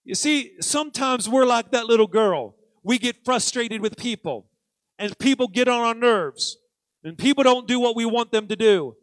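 High-voiced emphatic preacher man. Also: expressive, moderate pace, dry recording. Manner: emphatic, repeating key words and building in intensity. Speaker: pastor. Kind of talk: sermon. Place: church sanctuary.

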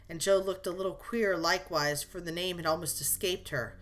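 A woman narrating a classic novel as an audiobook, in a measured storytelling manner. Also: on the low side, steady tone, a bit bright.

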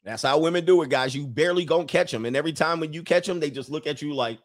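Here a show host, forty or older, talks fast in a slightly high voice during casual comedic commentary on a live show. His stories are crude and full of slang, and he occasionally slips into character voices.

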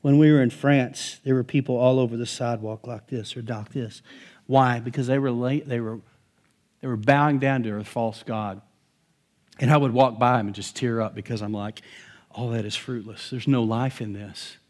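Animated, conversational male pastor preaching. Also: mid-range voice, moderate pace. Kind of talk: sermon.

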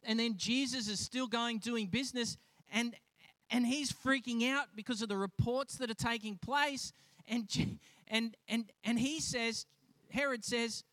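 A man preaching a sermon, animated and acting out the voices of the people in his stories, with frequent restarts. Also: very high voice, unhurried, no room sound. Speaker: pastor.

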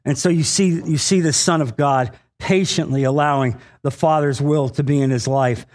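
A man preaching a sermon to his congregation. He speaks earnestly, repeats phrases for emphasis, fills pauses with "uh," and addresses the listeners directly. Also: a little high, fairly even intonation, a little mellow. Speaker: pastor.

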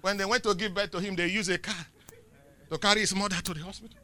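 A middle-aged Nigerian man preaching a sermon, swinging between loud declarations and quiet asides. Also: sits high, steady tone, fast talker.

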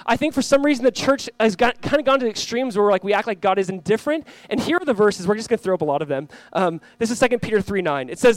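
Fast, impassioned high-voiced male pastor. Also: lively intonation, dry recording. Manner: impassioned, voice rising and dropping sharply; acts out quoted voices in casual speech. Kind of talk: sermon.

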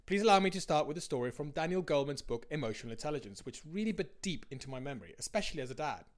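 Brief: conversational male blogger, slightly higher pitch, reads his post with candid asides. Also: expressive, rapid-fire. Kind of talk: casual reading of a blog post.

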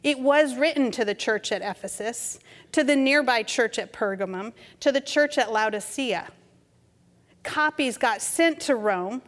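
Gentle middle-aged woman preaching. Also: on the high side. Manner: gentle, conversational, unhurried. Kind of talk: storytelling sermon. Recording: reverberant hall.

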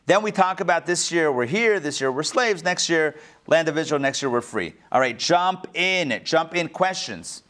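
A man teaching a class, and his voice sits a little on the high side. He swings his pitch up and down a lot as he jokes and fires questions at the room. He leads a lively group discussion. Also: moderate pace. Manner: animated, joking, asks the group many questions. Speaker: teacher leading a text study. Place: classroom with an online audience.

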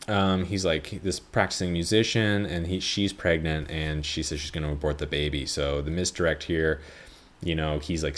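Deep-voiced rambling podcaster. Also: male voice. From Canada. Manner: rambling, profane, frequent fillers. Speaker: podcast host, film reviewer. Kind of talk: casual solo podcast chat.

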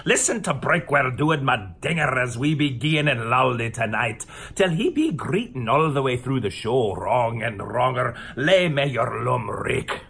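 A man's voice: medium pitch, lively intonation, unhurried, gravelly, hardly any pauses, a bit bright, slightly rough, full character voice. A man voicing a tipsy, rowdy Scotsman in a put-on Scottish accent, piling up thick slang with slurred bluster.

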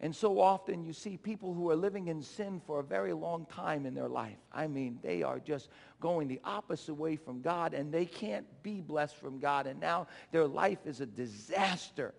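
A male pastor preaching a sermon with impassioned swings from shouting to low, urging the congregation to respond. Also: normal speed, vocal fry, few pauses. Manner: call-and-response exhortations. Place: church sanctuary. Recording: long church reverb.

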